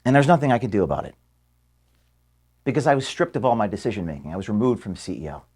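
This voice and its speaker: A man, the founder of an organization, recording an earnest farewell statement to his staff from his office, moving between firm declarations and quiet, emotional passages. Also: fairly low pitch, big pitch swings, fast, breathy edge. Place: office at headquarters.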